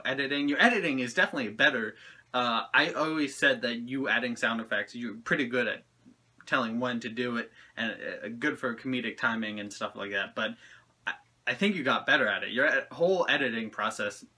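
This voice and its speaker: A man's voice: mid-range voice, pushed and bright. A man hosting a reaction video, giving rambling, friendly feedback with frequent laughs. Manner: rambling and friendly, often laughing between thoughts. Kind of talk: casual reaction commentary.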